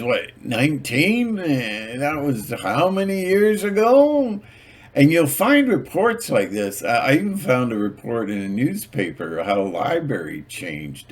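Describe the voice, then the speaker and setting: Slow-talking guy rambling through stories, lots of uhs, acts out little skits. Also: medium pitch, very animated. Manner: rambling and hesitant, acting out little skits in different voices. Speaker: channel host. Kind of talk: casual storytelling monologue.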